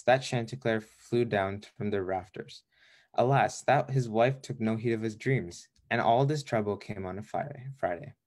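A man reading a storybook aloud to children at a steady, measured pace, with small slips. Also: on the low side. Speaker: volunteer reader.

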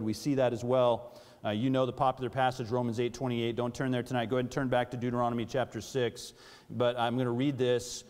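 Pastor guy preaching, mid-pitched voice, long church hall echo. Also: a little mellow. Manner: preaching with rising emphasis and questions to the congregation. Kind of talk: sermon. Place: church sanctuary.

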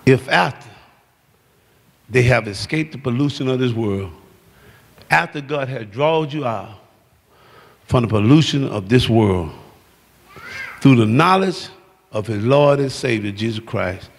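A man preaching a sermon, shouting and calling out to the congregation in a church. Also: mid-range voice, expressive, slow, creaky, long pauses. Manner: shouting, exuberant preaching with call-outs to the congregation. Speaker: pastor. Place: church sanctuary. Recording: long hall reverb.

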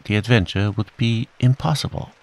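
A man voicing a fussy, self-important male rabbit in a storybook reading, solemn and brisk. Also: on the low side, darkish tone, natural voice.

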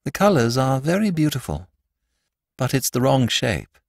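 A man's voice: expressive, normal speed, dry recording, clean studio sound. Father Brown, a man doing a dreamy priest. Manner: low, musing and solemn. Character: mild, dreamy middle-aged priest detective.

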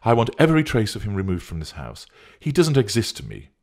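A man's voice: lowish voice, huge pitch swings, fast, darkish tone, voice pushed up, exaggerated voice. A man voicing a petulant young woman who insists and pleads for drugs. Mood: indignant.

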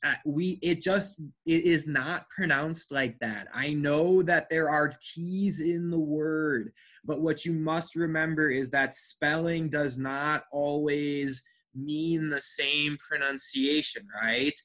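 A man teaching an online English pronunciation class, speaking slowly and carefully and praising students. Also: fairly high pitch, fairly even intonation, fairly bright tone. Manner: slow, careful enunciation with encouraging feedback.

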